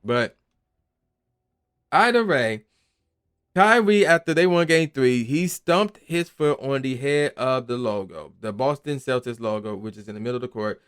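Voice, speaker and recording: A man's voice: medium pitch, measured pace, clear, resonant tone. A young man hosting a gaming channel, ranting emphatically in casual slangy talk and sometimes acting out the people he quotes. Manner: animated, emphatic, acts out quoted voices, slangy. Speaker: gaming commentary channel host. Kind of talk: casual opinion rant.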